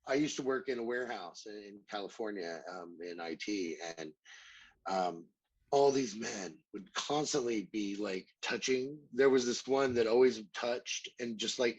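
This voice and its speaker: A man's voice: fairly low pitch, normal speed, highs cut off. A man co-hosting a podcast in casual group chat, chatty and rambling, with self-deprecating humor. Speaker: podcast co-host.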